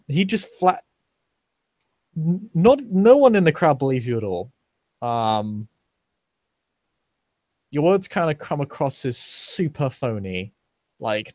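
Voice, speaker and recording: A man's voice: mid-range voice, darkish tone, no echo. A man who narrates as game master in a tabletop game, chatty with many fillers and frequent laughs.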